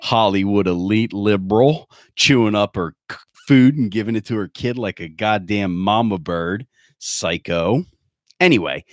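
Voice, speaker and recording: A man's voice: fairly low pitch, no room sound, studio quality. A man hosting a podcast, ranting in a sarcastic, profane, rambling way. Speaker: podcast host. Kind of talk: casual comedic rant.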